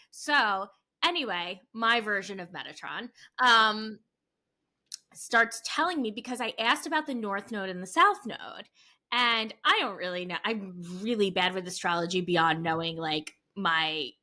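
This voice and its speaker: A woman co-hosting a podcast in relaxed conversation, talking in a loose, chatty way with frequent fillers. Her voice is bright and sits at a middling pitch. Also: a little slow. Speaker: podcast co-host. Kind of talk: casual chat.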